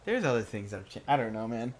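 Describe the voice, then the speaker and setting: A young man playing a video game with a friend, cracking crude jokes and tossing in quick remarks. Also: medium pitch, big pitch swings, a little hiss or hum. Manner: crude, joking, quick interjections. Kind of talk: casual let's play banter.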